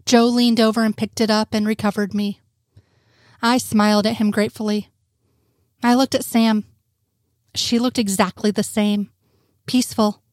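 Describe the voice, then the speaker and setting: A woman narrating a fan fiction story in a steady, soft-spoken reading. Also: mid-range voice, dry recording, clean studio sound. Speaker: audiobook narrator.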